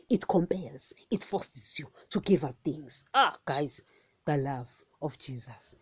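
A woman giving a casual, animated sermon on a podcast, often calling her listeners guys and repeating phrases for emphasis. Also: medium pitch, a little slow, no room sound. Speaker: podcast preacher.

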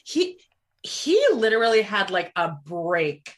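A woman in a casual podcast chat, gossipy and quick to laugh. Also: medium pitch, big pitch swings.

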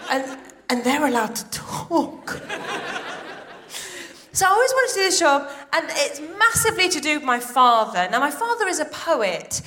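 A woman, doing a live stand-up set on a theatre stage, excitable and full of quick asides. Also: high voice. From Iran. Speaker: stand-up comedian.

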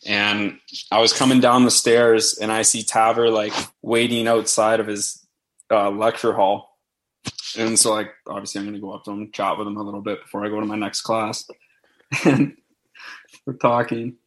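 A man's voice: on the low side, level tone, moderate pace, fairly bright tone. Young canadian guy rambling through a story on a podcast, easygoing, lots of likes and ums. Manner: laid-back, rambling with many fillers. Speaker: podcast co-host. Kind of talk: casual storytelling chat.

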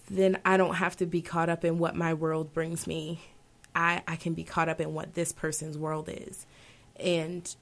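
Woman opera singer guest, lowish voice, tells her story animated, laughing. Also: creaky. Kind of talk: conversational interview storytelling.

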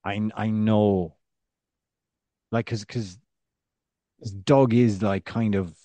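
A man's voice: on the low side, steady tone, very slow, warm tone, no room sound. A man co-hosting a football podcast, talking in a rambling, casual way full of fillers. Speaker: podcast co-host.

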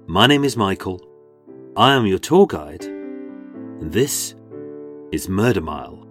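A man with a Birmingham accent narrating a true-crime walking tour as its host, sardonic and sweary, with dramatic pauses. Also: deep voice, very animated, fairly bright tone, faint music behind. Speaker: podcast host and tour guide.

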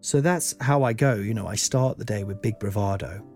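Rambling sweary comedian. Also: male voice, lowish voice, moderate pace, darkish tone, faint music behind. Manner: rambling, self-deprecating, sweary. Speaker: podcast host, comedian. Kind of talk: comic monologue.

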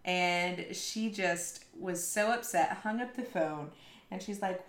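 A woman's voice: on the low side, a little slow. A woman telling stories in a casual chat, candid and playfully crude, laughing often. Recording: roomy echo.

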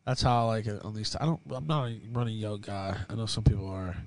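This man talks fast in a lowish voice, recorded with no echo. As host of a casual livestream, he laughs, curses freely, and shares opinionated reactions to videos and to his chat.

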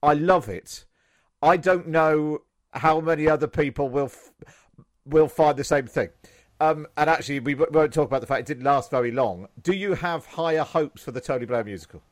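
A man's voice: a little high, moderate pace, no room sound. A man interviewing a cast, asking rambling questions with many restarts. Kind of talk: casual interview.

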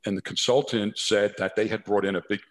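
A man's voice: lowish voice, steady tone, fairly quick. A man from New Jersey, a corporate consultant, telling anecdotes as a guest in a casual interview, with lots of asides and restarts. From New Jersey, USA. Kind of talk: storytelling interview.

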